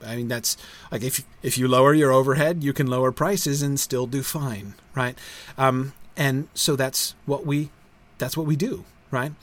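A middle-aged man talking casually to viewers as a school founder, halting with many fillers and restarts and a frequent tag question at the end of his points. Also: medium pitch, steady tone. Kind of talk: casual livestream talk.

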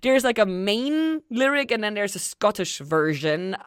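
A woman's voice: medium pitch, very animated, measured pace, smooth, no room sound, clean studio sound. A woman co-hosting a podcast in casual chat, reading from her notes and laughing often. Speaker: podcast co-host.

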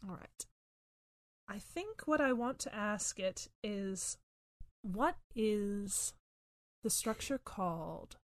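A woman at a tabletop game describes things in a chatty, meandering way, full of fillers. Her voice has a middle pitch, and the recording is dry and close. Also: expressive, slow pace, pauses often, dry recording. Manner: chatty, searching for words, many fillers. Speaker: player. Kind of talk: casual tabletop play.

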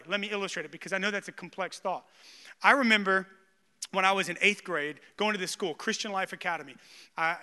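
Male pastor, high bright voice, emphatic sermon delivery in a reverberant church hall. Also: clear, resonant tone. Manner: animated storyteller, self-deprecating humor, emphatic preaching. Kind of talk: sermon with personal storytelling.

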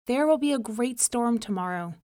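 A woman voicing a solemn male fish spirit in a storybook reading, speaking in slow, grave pronouncements. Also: a little high, expressive, darkish tone, dry recording, studio quality, lightly acted. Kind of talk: storybook narration.

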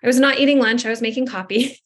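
Chatty woman podcast host, higher voice. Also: fairly even intonation, fast. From Southern California. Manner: chatty, digressive storytelling. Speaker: podcast host, speech-language pathologist. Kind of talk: conversational interview.

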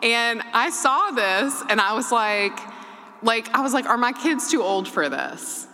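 Chatty middle-aged woman, bright voice. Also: on the high side, animated, unhurried. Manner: chatty, heavy use of "like", playful. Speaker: podcast co-host. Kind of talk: casual chat. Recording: long hall reverb.

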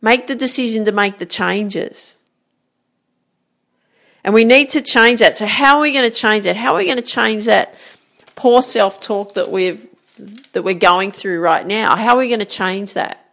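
Gravelly-voiced woman coaching. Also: mid-range voice, moderate pace, a bit bright. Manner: encouraging, repeats "right?" and "guess what?". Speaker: golf and life coach. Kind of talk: motivational talk to camera.

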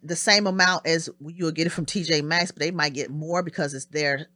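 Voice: mid-range voice, steady tone, moderate pace, bright, forceful tone, no echo, studio quality. A middle-aged co-host in casual chat, talking hesitantly with restarts and fillers. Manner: hesitant, restarts, fills with "you know".

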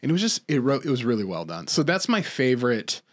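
A male podcast co-host rambles casually about movies, restarting often and using lots of fillers as his excitement builds. He has a mid-range voice and talks fast.

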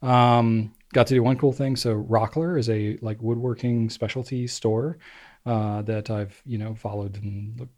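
A man co-hosting a podcast, chatting casually. He talks at an everyday pitch and rambles through long stories, full of "like" and "you know". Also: measured pace. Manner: relaxed storyteller, many fillers. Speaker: podcast co-host. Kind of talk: casual chat.

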